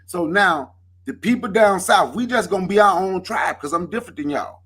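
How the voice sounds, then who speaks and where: A man's voice: animated, moderate pace, a bit bright, slightly rough. A man from Mississippi, arguing emphatically in a heated radio debate. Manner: emphatic, argumentative, drops into low intent tones.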